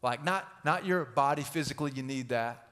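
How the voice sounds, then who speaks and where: A middle-aged man preaching a sermon as pastor. He tells stories in a conversational way, going from loud to hushed. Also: mid-range voice, fairly quick. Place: church auditorium. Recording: reverberant church hall.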